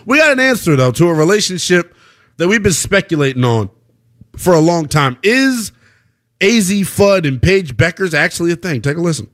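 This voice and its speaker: A man hosting a sports call-in radio show, talking in animated, lively bursts and breaking into loud laughter. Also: high-pitched, normal speed, no echo, studio quality.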